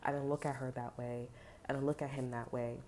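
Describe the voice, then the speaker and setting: A woman reads tarot cards for her viewers in a loose, rambling way, swearing freely and leaning on fillers and slang. Her voice sits very low with a dark, mellow tone, and a faint hiss runs underneath. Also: flat delivery, fairly quick. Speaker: tarot reader. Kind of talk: casual tarot reading.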